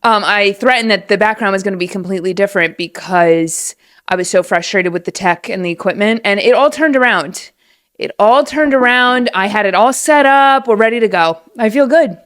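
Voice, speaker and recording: A woman in her late twenties hosting her own podcast from home, chatting in a rambling, animated, casual way. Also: medium pitch, normal speed. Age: late 20s. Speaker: podcast host. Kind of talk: casual solo podcast chat. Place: room at home. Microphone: set-up podcast mic at home.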